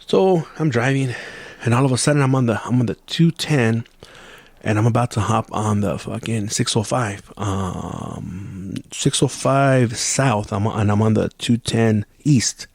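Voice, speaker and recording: A man's voice: mid-range voice, unhurried, darkish tone, no echo. A young man hosting a podcast who tells a story in loose, profane casual chat and drops Spanish phrases into his English. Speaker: podcast host.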